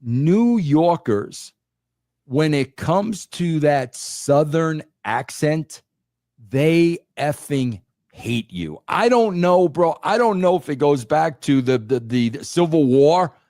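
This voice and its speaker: Expressive and slow, this older man's fairly high, darkish voice comes through clean studio sound with no room echo. A New York native and former wrestling writer guesting on a podcast, he chats emphatically, repeats "bro" frequently, and often starts over.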